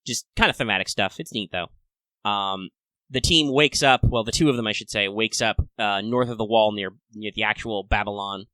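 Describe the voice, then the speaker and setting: A man co-hosting a casual fan podcast, talking in a chatty, playful, upbeat way with excited asides. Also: on the low side, normal speed, no room sound. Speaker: podcast co-host.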